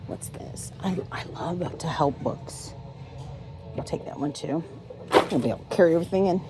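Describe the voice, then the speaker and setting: Filming on a handheld phone while browsing a thrift store, a woman vlogs a rambling story packed with ums and restarts. Her voice is fairly low in pitch.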